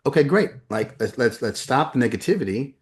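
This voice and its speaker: A man's voice: mid-range voice, animated, fairly quick. A man talking as a guest in a conversational interview, emphatic and often repeating words as he builds his points. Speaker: podcast guest, educator.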